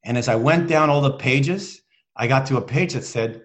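A middle-aged man, a guest on a video call, telling a heartfelt personal story in a halting, earnest way with many restarts. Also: medium pitch.

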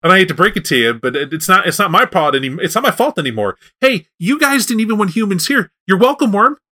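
A man's voice: high voice, very animated, quick pace, sharp tone, voice pushed up, heavily acted. A man voicing a sly, boastful male coyote in a spoken folk tale, talking like a pushy salesman. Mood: taunting. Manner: brash, wheedling salesman talk.

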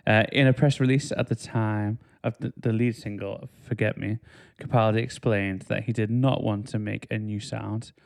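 A man's voice: on the low side, fairly even intonation, moderate pace, creaky, few pauses, a little mellow. A man hosting a casual podcast chat, reading album facts aloud and laughing at clumsy wording. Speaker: podcast host.

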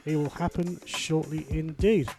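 A man's voice: fairly high pitch, fairly even intonation, measured pace. A man presenting a casual radio show, jovial and bantering, fond of saying "indeed". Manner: jovial, says 'indeed' a lot, banters. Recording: music playing underneath.

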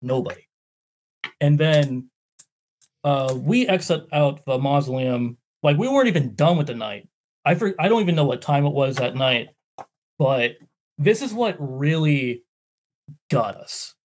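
A man, a guest on the show, telling a story in a casual, animated way with lots of "like". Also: on the high side, unhurried, pauses often. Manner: animated, filler-heavy "like". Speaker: guest explorer.

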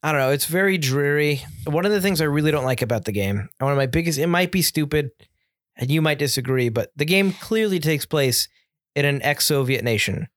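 A man's voice: on the high side, expressive, fairly quick, a bit bright, dry recording, clean studio sound. An American man co-hosting a casual chat, giving opinionated, rambling takes with many restarts. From United States. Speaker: podcast co-host. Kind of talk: casual chat about video games.

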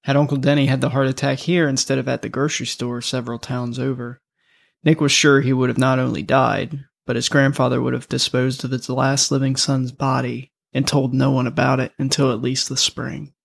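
Gravelly male audiobook narrator. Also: medium pitch, flat delivery, brisk. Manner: casual, profane storytelling.

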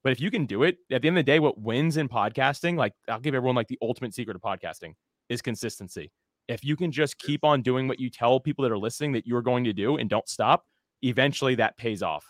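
A man's voice: mid-range voice, quick pace, dry recording, studio quality. A man giving podcasting advice in a casual chat, upbeat and a bit teasing.

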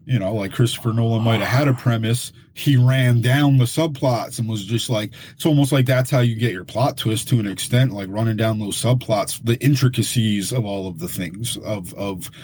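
Male podcast co-host, husky low voice, opinionated casual talk, swears. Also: normal speed, few pauses, a little mellow, no echo. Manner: opinionated, swears when frustrated. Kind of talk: casual chat.

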